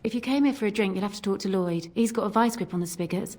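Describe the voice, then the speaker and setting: An actress playing a matter-of-fact tavern barmaid in a video game, dry and wry in manner. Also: female voice, mid-range voice, quick pace, darkish tone, natural voice. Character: wry tavern barmaid keeping order in a grim village.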